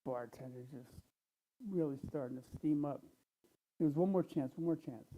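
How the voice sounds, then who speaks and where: A man speaking plainly and unhurriedly to a congregation, tired and low on energy, with frequent pauses. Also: warm tone, a little hiss or hum. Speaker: church speaker. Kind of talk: casual talk to a congregation. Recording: tinny phone-like sound.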